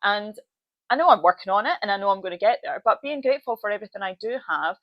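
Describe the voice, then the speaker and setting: A woman's voice: mid-range voice, expressive, fast, no room sound, dull audio. A woman in her thirties talks straight into a close microphone in a dry, dead room. She is blunt and swears freely, and she drives her points home by repeating short phrases. The delivery is a motivational solo podcast. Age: 30s. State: tearful, voice breaking with emotion. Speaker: podcast host.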